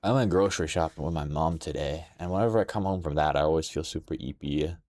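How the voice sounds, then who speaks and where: A young man streaming a game, chatting casually, sleepy and yawning yet playful and quick to exclaim. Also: very deep voice, no room sound, clean studio sound. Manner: playful, animated, exclaims and laughs often. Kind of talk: casual live-stream chat while playing a game.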